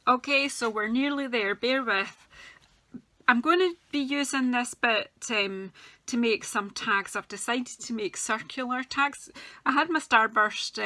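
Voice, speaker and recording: A woman's voice: a little high, measured pace, no room sound. Chatty woman crafting. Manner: chatty, talks while working, drifts soft and quiet when concentrating. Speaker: craft demonstrator. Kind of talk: casual crafting tutorial.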